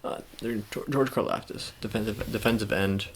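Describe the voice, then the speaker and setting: A young man speaking in a soft ASMR style, chatting casually and rambling with many fillers and restarts. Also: fairly low pitch, steady tone, moderate pace, a little hiss or hum. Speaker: ASMR channel host. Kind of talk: soft-spoken ASMR sports talk.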